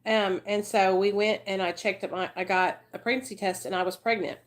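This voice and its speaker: A woman's voice: mid-range voice, steady tone, fairly quick. A woman in her thirties telling her life story to livestream viewers, chatty and emotional, swearing freely and calling them y'all. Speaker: livestream host.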